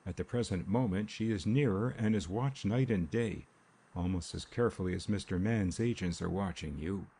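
A curt, self-assured young man, as a male narrator plays him answers in short, dry replies. The low, dark voice carries a gravelly, husky grain. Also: normal speed.

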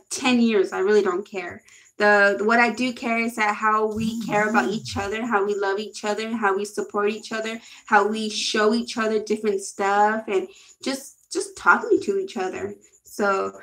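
A young woman with a slightly high voice hosts a casual live stream. She chats excitably, reading viewers' comments aloud and answering them as she goes. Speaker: livestream host.

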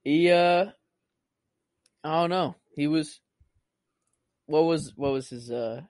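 A man's voice: on the high side, slow pace, darkish tone, no echo. A man co-hosting a film podcast, rambling casually with lots of "like" and "you know". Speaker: podcast co-host.

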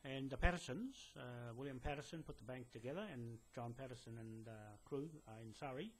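A man's voice: medium pitch, fairly quick, slight background noise. A man delivering a direct-to-camera message to a police detective indoors, rambling with many fillers and restarts, insistent and lecturing. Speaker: land claimant addressing a police detective. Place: indoors in a building.

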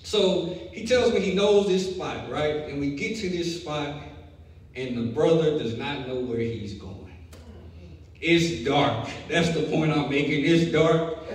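A young man preaching a sermon, telling a lively story before building to emphatic preaching. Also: fairly high pitch, takes it slowly. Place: church sanctuary. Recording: echoey hall, distant mic, faint noise.

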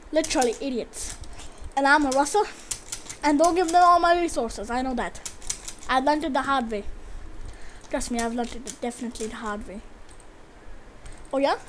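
A woman with a very high, sharp and bright voice talks over her gameplay. She swings from muttering to herself to yelling taunts at opponents, full of excitable trash-talk. A faint hiss sits under the voice. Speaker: gamer commentator. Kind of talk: live gameplay commentary.

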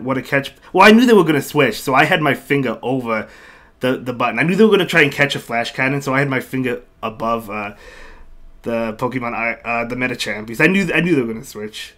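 A man's voice: medium pitch, fairly bright tone. A man commentating his own online battles on a live stream, chatting with viewers between moves and often repeating himself. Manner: chatty, reads chat aloud, thanks viewers, repeats himself. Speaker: game streamer.

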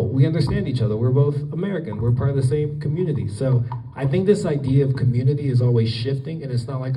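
A man's voice: medium pitch, highs cut off. A man giving a casual public talk to an audience, rambling with many fillers and restarts. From Colorado. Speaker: guest speaker. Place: event hall with an audience. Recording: distant, roomy event recording.

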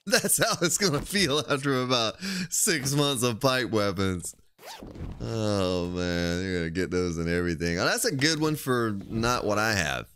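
A man's voice: on the low side, expressive, a little slow, fairly bright tone, slight background noise. A man streaming a survival game live, chatting casually and playfully joking with his chat while he plays.

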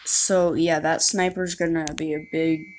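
Background noise accompanies a woman's low, level voice as she talks a little slowly over her gameplay. She chats and rambles as a gamer, teasing herself throughout her commentary.

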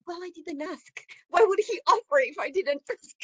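A woman teacher lectures a class over a video call, acting out examples in a high voice and laughing often. The sound is close and dry, with no room around her. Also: brisk, a bit bright, no echo, rough recording. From Mexico.

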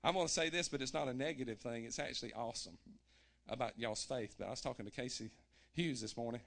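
A pastor preaching a sermon in a church, folksy and humorous, building with rising fervor and shouting at the climaxes. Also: male voice, mid-range voice, quick pace, gravelly. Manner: folksy and humorous, acts out people he quotes. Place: church sanctuary.

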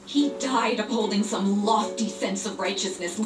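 A woman plays a cold, cutting older sister in a video game, her words clipped and dismissive. Her mid-pitched voice sits a little back from the mic in a roomy space, with game music playing underneath. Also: moderate pace, far from the mic, natural voice.

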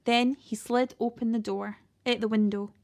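A woman reading a children's novel aloud, steady, with the odd slip and restart. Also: fairly high pitch, moderate pace. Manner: steady read-aloud with occasional slips and restarts. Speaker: storyteller reading a children's book.

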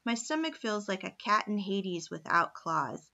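A man's voice: sits high, big pitch swings, a little slow, gravelly, pushed and bright, highs cut off, heavily acted. A woman voicing a jovial, easygoing miner with folksy talk. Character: jovial hungry mustached miner man.

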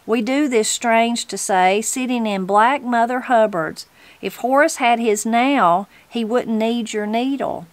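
A woman with a Southern Appalachian accent voicing a cheerful, smoothing-over man in his sixties in a storybook reading. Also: on the high side, unhurried, no room sound, close to an everyday voice.

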